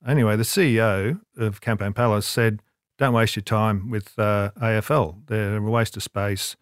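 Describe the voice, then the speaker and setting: A man's voice: on the low side, fairly even intonation, moderate pace, no room sound, studio quality. An older man, an advertising creative, telling a rambling, self-deprecating anecdote in an interview with many restarts. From Australia.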